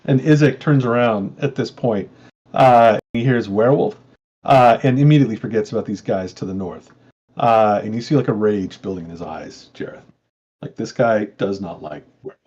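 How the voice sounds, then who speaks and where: A man narrating a tabletop game as game master, in a relaxed, chatty way with many fillers. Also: lowish voice, moderate pace, husky, lo-fi sound.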